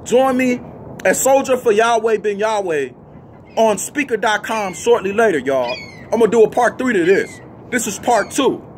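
High-voiced, fiery, blunt street preacher man. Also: a little hiss or hum. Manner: fiery and blunt, cussing, with constant "you see what I'm saying" and "man" tags. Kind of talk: freestyle street sermon to camera.

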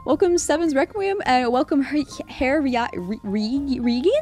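A high-pitched woman streamer chats casually with her live viewers at a measured pace over soft background music. She is excitable, swears freely, laughs often, and rambles while repeating herself.

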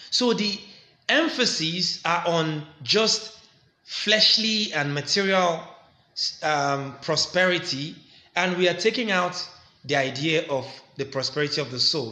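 A man's voice: on the high side, bright, forceful tone, echoey room. A man hosting a commentary channel, talking emphatically and repeating words for stress. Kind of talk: casual commentary.

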